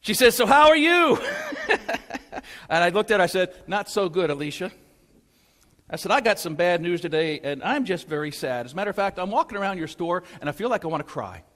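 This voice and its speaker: A man preaching a sermon and telling a story. His voice swings between loud, urgent pleas and hushed, quiet lines. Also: high-pitched, expressive, brisk. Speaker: pastor. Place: church sanctuary. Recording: long church hall reverb.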